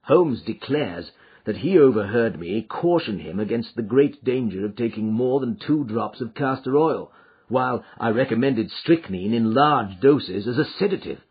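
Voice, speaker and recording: Brief: male audiobook narrator, measured, breathy tone, lo-fi sound. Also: medium pitch, expressive. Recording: slightly muffled lo-fi audio.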